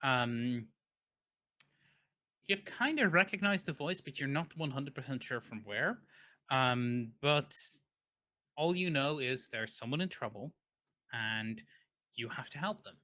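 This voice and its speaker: Man, game master, tabletop game narration, slow pace, bright tone, lots of ums and restarts. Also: medium pitch, lively intonation. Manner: unhurried, with frequent fillers and self-corrections.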